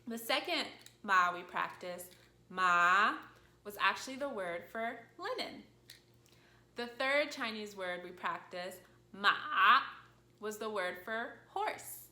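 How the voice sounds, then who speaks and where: Slow, bright-voiced woman teaching. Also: mid-range voice, animated. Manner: patient, encouraging, demonstrates tones clearly. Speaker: language teacher. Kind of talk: friendly online language lesson. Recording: echoey room.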